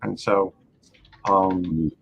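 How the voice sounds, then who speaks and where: A man in his sixties talking in a measured, hesitant way in a casual live stream chat. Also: sits low, steady tone, creaky, a little hiss or hum, poor audio. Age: 60s.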